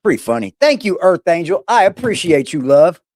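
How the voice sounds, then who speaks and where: Lively, playful male streamer. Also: high-pitched, brisk, dry recording, clean studio sound. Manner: greets chat viewers by name, loose and playful. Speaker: live-stream host. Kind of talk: casual live-stream chat.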